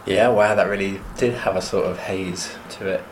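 A man's voice: low voice, fairly even intonation, normal speed, slight background noise. A man co-hosting a podcast, retelling a book in a dry, wry casual way. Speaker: podcast co-host. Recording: roomy echo.

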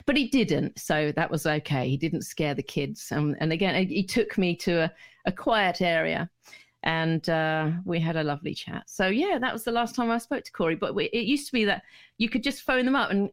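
A woman's voice: on the low side, lively intonation, moderate pace. A middle-aged woman, a radio DJ telling stories in a casual, rambling chat full of restarts and laughter. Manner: rambling and chatty, many restarts, laughs easily. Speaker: radio DJ, guest.

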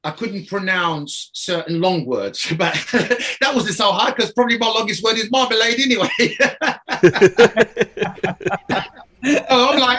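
A man's voice: high voice, expressive, slow pace, long pauses, sharp tone, slight background noise. A man speaking as a guest, telling his story in a rambling, casual way, often restarting and laughing.

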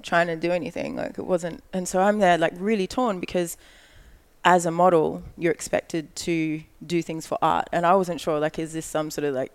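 A woman tells a long personal story as a podcast guest, her voice carrying a gravelly, creaky texture. She talks fast and loose, filling her speech with "like" and slipping into the voices of the people in the story. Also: on the low side. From Australia. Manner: animated storytelling, acts out quoted lines, frequent "like". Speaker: guest, model. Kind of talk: casual storytelling chat.

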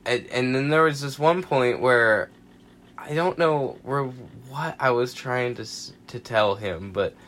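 A man in his twenties, a podcast co-host, telling a rowdy story casually, swearing freely and acting out quotes loudly. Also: medium pitch, slow pace.

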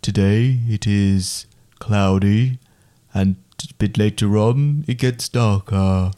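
A young man putting on the voice of a male weather presenter, speaking slowly and formally in a lowered voice. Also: mellow. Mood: mock-formal. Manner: slow, drawn-out, lowered delivery.

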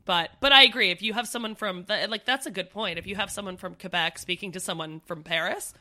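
A woman from Canada co-hosting a podcast, talking in a chatty, animated way with lots of "like" and "um". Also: mid-range voice, fast. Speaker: podcast co-host. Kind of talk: casual chat.

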